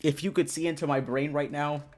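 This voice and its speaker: A game streamer reacting loudly and excitably to a visual novel, swearing often. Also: mid-range voice.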